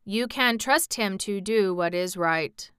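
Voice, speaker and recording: A woman voicing a calm, earnest clockwork man in a storybook reading. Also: medium pitch, slow pace, clean tone, no echo, clean studio sound.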